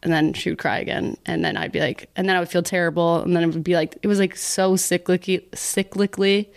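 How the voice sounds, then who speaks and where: A woman's voice: fairly low pitch, fairly even intonation, fairly quick, gravelly. A young woman from Texas telling a personal story as a podcast guest, chatty and laughing often as she acts out what she once said. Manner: chatty, laughing often, acts out her own past words. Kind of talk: casual storytelling interview.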